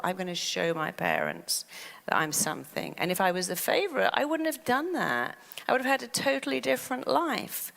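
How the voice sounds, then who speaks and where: An older woman telling stories in a motivational talk, acting out the voices in people's heads. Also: lowish voice. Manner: animated storytelling, acts out quoted inner voices. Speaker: therapist and self-help speaker. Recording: long hall reverb.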